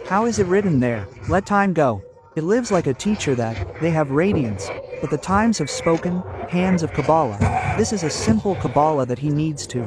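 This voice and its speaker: A man preaching a sermon with jokes and stories, addressing his listeners as gentlemen. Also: fairly high pitch, expressive, moderate pace, over music. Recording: audience murmur behind.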